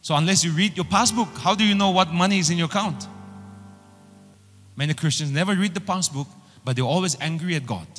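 A male pastor delivering a sermon, emphatic and repetitive, pushing phrases up in pitch as he builds. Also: brisk, fairly bright tone, long reverb tail, faint music behind. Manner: emphatic preaching with repeated rising phrases.

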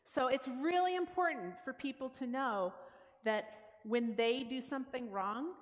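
A woman's voice: sits high, a little slow. A woman giving a conversational church talk, explaining steps plainly and acting out everyday dialogue. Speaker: guest speaker at church. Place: church sanctuary. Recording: long church hall reverb.

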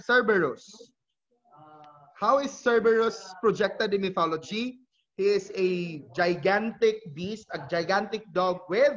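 High-voiced teacher on a video call. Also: male voice, a bit bright, lo-fi sound. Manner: explanatory, with self-corrections. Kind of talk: online class lecture. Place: home during a video call. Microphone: computer mic on a video call.

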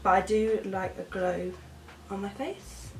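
A woman's voice: mid-range voice, steady tone, a little slow, a little mellow, roomy sound, far from the mic, slight background noise, rough recording. A young woman chatting casually through her makeup routine for a vlog, rambling and correcting herself as she goes. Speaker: beauty vlogger.

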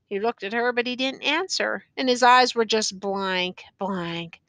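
A woman narrating an audiobook in a measured, even manner. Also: mid-range voice, creaky, no room sound. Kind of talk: scripted narration.

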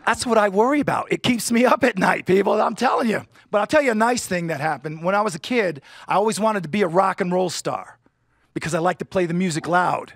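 A man's voice: sits high, fast, gravelly, a bit bright, no room sound, studio quality. A man performing a stand-up comedy set on stage, with punchy delivery and silly character voices. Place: stage before a live audience.

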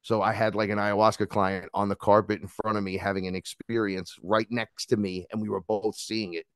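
A man with a low voice, recorded close and dry with no room sound. He chats casually as a podcast guest. His stories are lively and full of swearing, and he slips into the voices of the people in them. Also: brisk, clean tone, no echo. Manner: animated storytelling, swears freely, acts out voices in his anecdotes. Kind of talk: casual chat.

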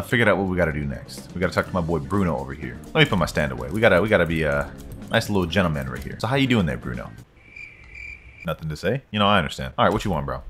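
A young man giving casual, slangy gameplay commentary, excitable and quick to repeat himself. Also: sits low. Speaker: gaming video host.

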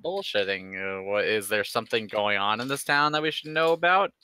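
Bright, smooth-voiced male player. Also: lowish voice, lively intonation, brisk, no room sound. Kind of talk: casual tabletop play.

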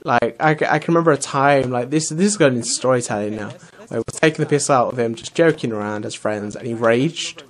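A young man commentates his game in a loose, chatty way. His voice sits at an ordinary middle pitch, and he rambles, restarts and drops in casual swearing. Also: a little fast, hardly any pauses. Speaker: let's play host.

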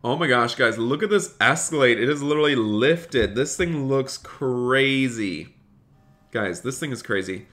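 A man running a live gaming stream, chatting straight to his viewers and gushing with excited thanks whenever someone donates. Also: mid-range voice, a little slow. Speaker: game streamer.

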